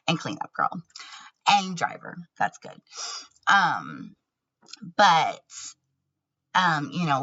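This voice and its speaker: A woman's voice: very deep voice, vocal fry, pushed and bright, husky, dull audio. A woman talking candidly in a personal vlog, earnest and laughing often between words. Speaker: vlogger.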